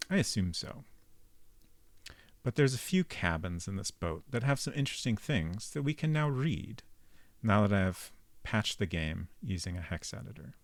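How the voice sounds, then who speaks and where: A man giving casual live-stream commentary while playing a game, chatting with viewers and thinking out loud. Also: mid-range voice, no room sound.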